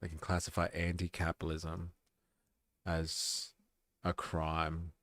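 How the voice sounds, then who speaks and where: Low gravelly Australian man streaming. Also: slow, no room sound. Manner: relaxed, swearing, reacting to clips with laughs. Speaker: live stream host. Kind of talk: casual live-stream commentary.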